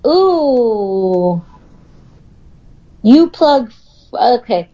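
A woman's voice: on the high side, expressive, a little slow, darkish tone, lo-fi sound. A woman in her thirties, a podcast co-host in casual chat, blunt and swearing, laughing often. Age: 30s.

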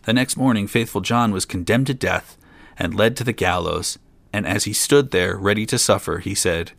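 A man's voice: lowish voice, moderate pace, gravelly, no echo. A man reading an old fairy tale aloud, with dry asides of his own. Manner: reads plainly, drops in dry asides. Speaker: storyteller.

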